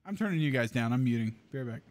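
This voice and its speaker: A young man streaming a multiplayer game, chatting casually and excitably with his friends. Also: racing. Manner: excitable, jumps into high joking voices. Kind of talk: casual gaming chat with friends.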